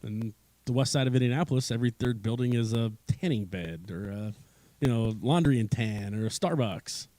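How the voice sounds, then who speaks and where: A man's voice: medium pitch, normal speed, no room sound. A middle-aged man from Southern California telling a race story in casual chat, laughing and acting out quotes. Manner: animated, acts out quotes, laughs while telling. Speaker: IndyCar spotter, guest.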